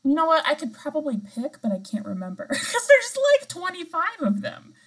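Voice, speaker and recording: A woman's voice: sits high, sing-song, normal speed, a bit bright, poor audio. A young woman co-hosting a podcast, chatting casually and laughing often. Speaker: podcast co-host. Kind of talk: casual chat.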